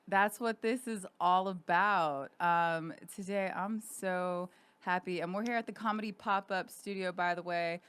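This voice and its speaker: A woman's voice: on the low side, fairly even intonation, a little slow, a bit bright, clean tone. A young woman hosting a casual podcast chat in a studio, rambling with lots of fillers. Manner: chatty, rambling with many fillers. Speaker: podcast host.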